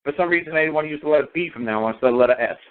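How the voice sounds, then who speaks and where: A man's voice: a little high, very fast. A man talking in a casual radio conversation, emphatic and sarcastic, repeating his points over and over. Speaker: guest speaker on law. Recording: tinny phone line.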